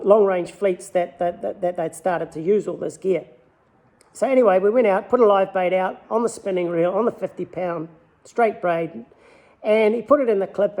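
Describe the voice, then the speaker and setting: A man with a New Zealand accent speaks in a fairly high voice. He tells his story of learning his craft in an easygoing, rambling interview style, circling back and restarting as he goes. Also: darkish tone. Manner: easygoing, rambling anecdotal telling. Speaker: lure maker.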